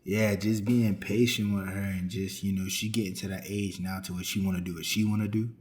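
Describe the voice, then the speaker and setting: Very deep, flat-voiced earnest man. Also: a little fast. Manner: earnest, reflective, many fillers. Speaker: interview guest. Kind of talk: casual interview chat.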